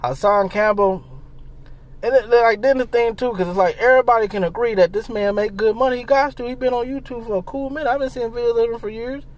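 A man ranting in casual commentary, animated and profane, firing off rhetorical questions. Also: extremely high pitch, fast. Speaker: commentary vlogger.

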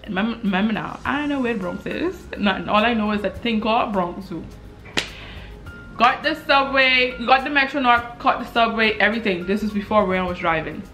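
Bright-voiced chatty young woman from the Bahamas. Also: a little high, a little fast, faint music behind. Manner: chatty, repeats words, storytelling. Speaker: vlogger. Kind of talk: casual chat to camera.

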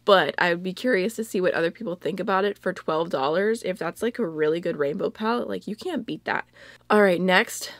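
Her medium-pitched voice comes through with no echo as this young beauty vlogger chats casually. She talks freely, sprinkling in plenty of "like" and "really, really."

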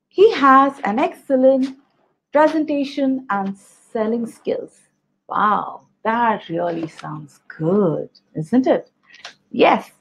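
Indian English woman teacher, slightly high voice, chatty with rhetorical tags, muffled lo-fi sound. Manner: chatty, asks rhetorical questions. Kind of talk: online English lesson.

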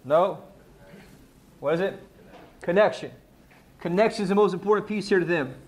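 High-voiced energetic male sales trainer. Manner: energetic, quizzes the audience, rapid questions. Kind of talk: live sales training talk. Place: training room with a live audience.

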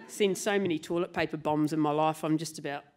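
A woman telling a true story live to an audience, lively and laughing often, swearing casually. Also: deep voice, fairly quick. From New Zealand. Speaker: motorcycle club president and storyteller.

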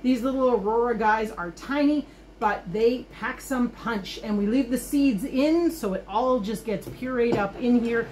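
An enthusiastic woman with a fairly high voice talks through her garden and a recipe in a casual, chatty way. She explains each step as she goes, and faint crickets and insects chirp behind her. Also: a little slow, darkish tone, a little hiss or hum. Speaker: homesteading vlogger. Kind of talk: casual cooking and garden vlog. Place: garden outdoors, then kitchen.

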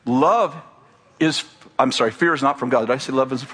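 A man's voice: medium pitch, a little fast, a bit bright, husky. A middle-aged male pastor preaching to a congregation in a conversational, joking manner. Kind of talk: sermon. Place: church before a congregation.

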